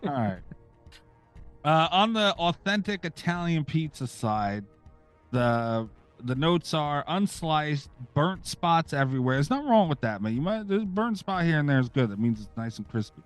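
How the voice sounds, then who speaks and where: A man's voice: a little high, sing-song, normal speed, faint music behind. A middle-aged man hosting a podcast, chatting casually, ranting sarcastically and swearing freely. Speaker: podcast host.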